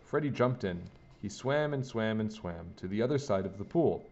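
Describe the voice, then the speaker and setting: A man with a low voice reads a children's story aloud. His narration is gentle yet animated, rising and falling freely. The recording sounds slightly muffled. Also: normal speed. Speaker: storybook reader.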